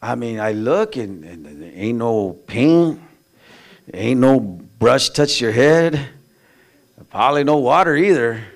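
A man's voice: medium pitch, lively intonation, slow. A male pastor preaching a sermon in a blunt, folksy way, full of slang and asides. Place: church.

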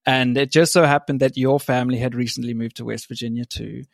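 A young man from England and South Africa, a podcast guest telling stories in a relaxed, laughing way. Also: mid-range voice, fast talker, vocal fry, dry recording, studio quality. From born in England, raised in South Africa. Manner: laughing, self-deprecating storytelling. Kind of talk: casual chat.

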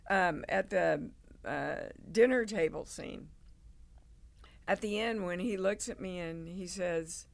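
An older woman, a guest actress, telling animated stories in a casual interview and acting out the people she quotes. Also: lowish voice, takes it slowly, creaky. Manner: animated storyteller, acts out quoted voices.

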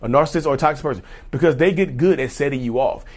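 A man's voice: medium pitch, fast. A man talking casually and repetitively to viewers in an advice vlog, addressing them as y'all. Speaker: channel host.

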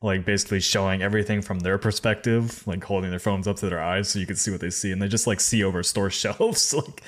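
A man's voice: deep voice, steady tone, fast talker. A man co-hosting a casual livestream chat, laughing a lot and trailing off mid-thought. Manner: loose, laughing, trails off often. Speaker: co-host.

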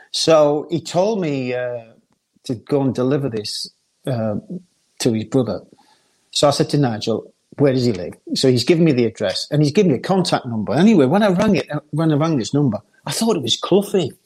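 A husky, slightly high-pitched older man tells a story in relaxed chat. He laughs often and acts out the other people's lines. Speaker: former footballer guest. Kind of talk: casual anecdote telling.

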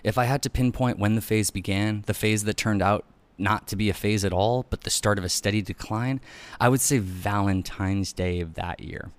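Deep-voiced man reading a memoir. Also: normal speed. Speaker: audiobook narrator. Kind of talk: first-person memoir reading.

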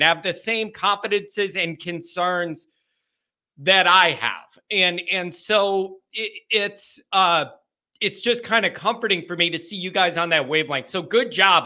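A man's voice: high voice, sharp tone. A man hosting a live fan call-in show, talking in a rambling, jokey, self-mocking way. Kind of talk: casual live-stream chat.

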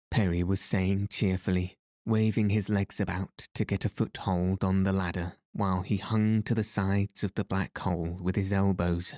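A man reading a novel aloud as an audiobook narrator, calm and measured. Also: deep voice, no room sound, studio quality. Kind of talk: scripted narration.

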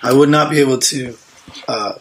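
A man in his thirties co-hosting a casual podcast, rambling and joking in quick banter. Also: mid-range voice, a little hiss or hum. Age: 30s. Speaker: podcast co-host. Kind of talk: casual chat. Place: home studio.

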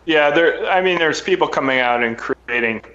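A man joining a podcast as a guest, talking casually and musing with halting restarts. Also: a little high, lively intonation, bright, forceful tone. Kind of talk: casual chat. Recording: roomy, dull-sounding remote line.

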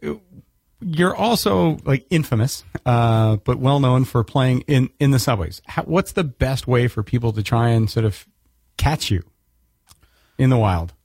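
An easygoing male interviewer with a husky voice, trading jokes with his guests. The sound is dry and close to the mic. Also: mid-range voice, expressive, darkish tone, no echo. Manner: easygoing, quick to laugh. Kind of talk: casual interview.

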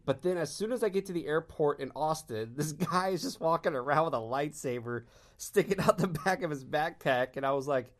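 A man from Texas telling fan anecdotes in casual chat, animated and laughing often as he acts out quotes. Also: a little high, brisk.

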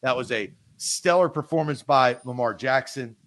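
A man hosting a live-streamed sports talk show, chatting casually and rattling off viewer comments rapid-fire. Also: medium pitch, fairly bright tone.

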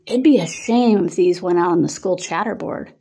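A perky, bossy college girl who coos and teases in a bright, lifted sing-song, as a woman reads her out. The voice underneath stays mellow and soft-edged. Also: fairly low pitch, moderate pace, gravelly, slightly rough. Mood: teasing. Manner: cooing, teasing, cheery. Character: bubbly teasing bossy young college woman.

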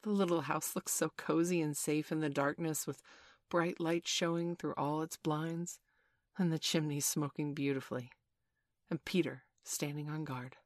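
A woman narrating a classic children's storybook in a gentle, measured way. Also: low-pitched, fairly even intonation, dry recording, studio quality. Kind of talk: storybook reading.

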